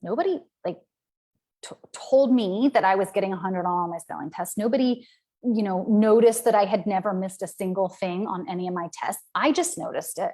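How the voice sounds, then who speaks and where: A woman business coach from the American South talks to her live audience in a relaxed, conversational way. Her pitch sits in an ordinary middle range. She is candid and chatty and keeps checking in with a quick "right?". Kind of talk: casual live-stream coaching talk.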